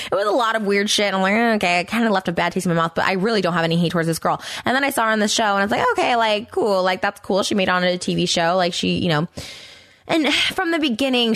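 A woman hosts her own podcast in a quick, blunt monologue full of swearing and fillers. Her voice leaps higher when she gets worked up. The recording is close and dry, with no room echo. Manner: blunt, profane, rambling with many fillers; animated, pitch jumping high when worked up. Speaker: podcast host. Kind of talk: casual commentary monologue.

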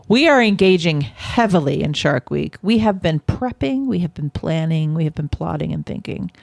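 A woman's voice: sits low, gravelly, a little mellow, no room sound. A woman hosting a casual chat podcast, talking in a playful way and laughing often. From California. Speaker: podcast host.

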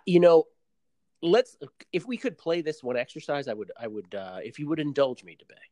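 A man talking casually as a podcast co-host, his pitch swinging widely and animated. He is playful and argues his points with rhetorical questions. The sound is dry and close. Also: dry recording. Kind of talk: casual chat recapping a reality show.

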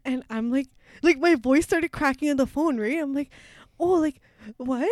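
A woman's voice: sits high, normal speed, no room sound, clean studio sound. A young woman in her twenties, a law student, telling a story in casual chat with lots of fillers, acting out quotes, laughing often.

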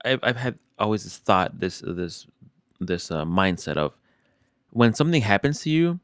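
A man's voice: on the low side, sing-song, moderate pace, smooth, dry recording, clean studio sound. A young adult man in casual chat, talking frankly and profanely about feelings, often restarting his sentences.

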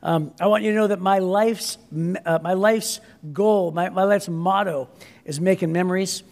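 A man preaching a sermon as a pastor, energetic and conversational, often checking in with "right?". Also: high-pitched, moderate pace, creaky. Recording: echoey hall reverb.

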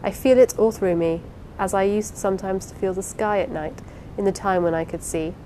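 A woman reading the part of a gentle blind husband in an audiobook, measured and tender. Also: medium pitch, slight background noise, natural voice, rough recording.

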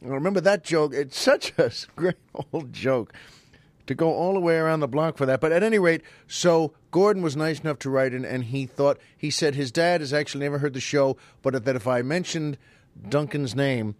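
A man's voice: a little high, moderate pace, no room sound. A man hosting his own show, telling stories in a rambling, digressive comic monologue. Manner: rambling, digressive, chuckling storyteller. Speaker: host.

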